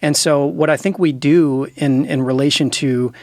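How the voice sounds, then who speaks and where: A man's voice: fairly high pitch, steady tone, moderate pace, darkish tone, dry recording. A man in his forties, an author and pastor, talking earnestly and with emotion about friendship and apology. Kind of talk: heartfelt conversation.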